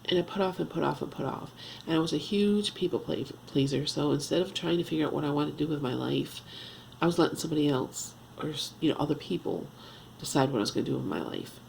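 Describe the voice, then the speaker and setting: A woman in her fifties talking at home in a confessional vlog, halting and earnest, restarting often as she searches for words. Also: sits low, vocal fry, a little mellow, slight background noise, poor audio. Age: 50s. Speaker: vlogger.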